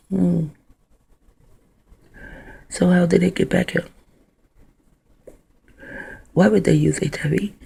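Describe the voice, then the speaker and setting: A woman's voice: low voice, creaky, dark tone, slightly rough. A woman talking into her own camera in a rambling, profane vlog monologue that drifts from one idea to the next. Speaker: vlogger.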